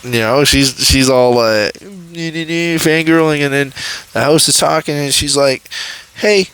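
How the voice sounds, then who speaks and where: A man's voice: fairly high pitch, a little slow, fairly bright tone, clean tone, low-quality recording. Rambling young man reviewing a show. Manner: rambling, many fillers and restarts, laughs often. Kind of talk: casual commentary.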